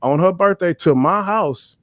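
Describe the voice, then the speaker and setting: Live-stream host, male, heated and profane storyteller, slightly high voice. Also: expressive, measured pace, a bit bright, no echo. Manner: profane, emphatic, storytelling rants. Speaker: livestream host. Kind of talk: heated casual commentary.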